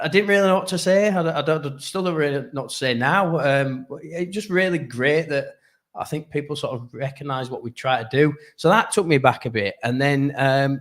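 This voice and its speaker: Halting man, higher pitch. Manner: halting storyteller, many restarts. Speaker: podcast co-host. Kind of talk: casual chat.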